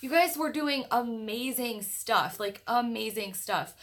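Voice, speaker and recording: Young woman, livestream book club host, upbeat, greets viewers by name, a bit high, home mic. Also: unhurried. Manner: bubbly, greeting viewers by name, many fillers. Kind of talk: casual livestream chat. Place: at her grandmother's house, indoors.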